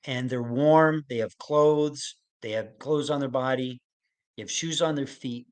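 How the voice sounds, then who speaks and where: A middle-aged man leads a parenting webinar in a calm, gentle way. He repeats key phrases so that they sink in and often checks in with the listeners. His pace is patient and he explains things slowly. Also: mid-range voice, clear, resonant tone. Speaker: autism expert presenting a webinar.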